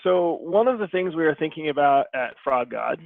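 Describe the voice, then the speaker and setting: A man's voice: on the high side, expressive, vocal fry, dry recording. Thin, phone-like man musing aloud. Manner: thoughtful, rambling with many pauses. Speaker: game publisher guest. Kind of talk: casual video-call conversation.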